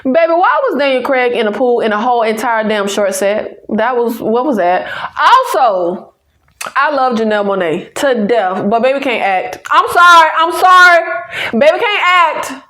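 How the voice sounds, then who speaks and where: A Southern American woman with a fairly high voice talks straight to her viewers about movies. She is chatty and sassy, full of teasing asides as she reviews each film for her channel. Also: expressive, moderate pace. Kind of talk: casual movie review to camera.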